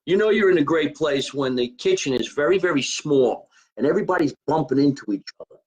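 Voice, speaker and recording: A man's voice: on the high side, lively intonation, fairly quick, darkish tone, slightly rough, low-quality recording. A man hosting his own live stream, chatting casually and joking in a rambling way. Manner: chatty, rambling, joking about being Italian. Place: his home.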